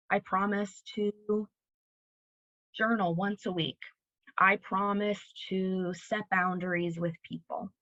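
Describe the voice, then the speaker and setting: In a recorded talk at a library, a woman with a medium-pitched voice lays out concepts in a calm, methodical teaching style, illustrating them with examples. The recording is dry and the highs are cut off.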